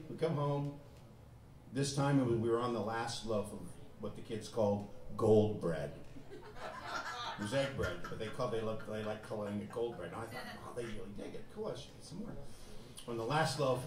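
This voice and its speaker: A man's voice: medium pitch, normal speed, crowd noise. A man telling a personal story in a casual, profane way, often laughing as he talks. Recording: roomy sound from a distant mic.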